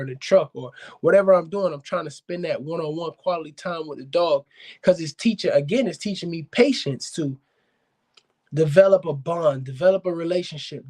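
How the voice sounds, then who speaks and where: Animated high-voiced man chatting. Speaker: dog kennel owner hosting a live talk show. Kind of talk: casual live-stream chat with viewers.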